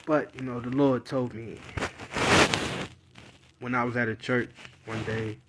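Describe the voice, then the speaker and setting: A man's voice: medium pitch, a little slow, very noisy. A young man telling a personal story in a live video, in slangy casual speech, acting out his relatives' voices. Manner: animated storyteller, acts out family voices.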